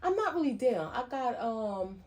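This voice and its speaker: Low-voiced woman co-hosting a podcast, chatty, laughs a lot. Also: animated, normal speed. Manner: chatty, laughs easily, loud-ish. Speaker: podcast co-host. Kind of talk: casual chat.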